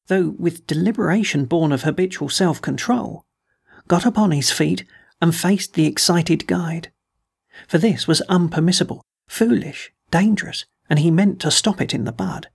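A man reading a dark story aloud as narrator, in a measured, dramatic delivery. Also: fairly high pitch, vocal fry, slightly rough. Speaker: audiobook reader. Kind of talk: scripted narration.

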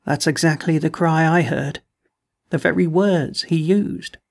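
A man's voice: on the high side, fairly even intonation, measured pace, vocal fry. A man voicing a shaken traveler who calls out urgently to a lost companion. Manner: calling out, raised and urgent.

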